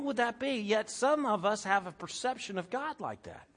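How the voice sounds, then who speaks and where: A man with a bright, forceful, rather high voice preaches a sermon to a room full of people. He talks like he is chatting with them, often repeating words as he goes. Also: big pitch swings, moderate pace, few pauses. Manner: conversational preaching with stammered repeats and laughter. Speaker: pastor. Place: room with a congregation.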